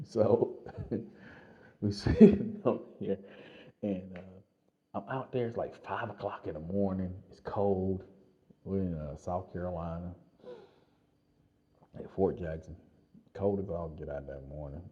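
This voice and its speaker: A man vlogging, telling a lively personal story in casual slang with frequent laughs. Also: low voice, measured pace, pauses often, lo-fi sound.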